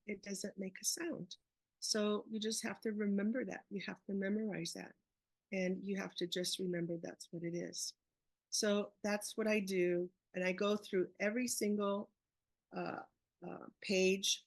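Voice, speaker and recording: Her voice is medium in pitch and free of echo as she leads a webinar on teaching early reading. Step by step she guides listeners, raising questions and then answering them.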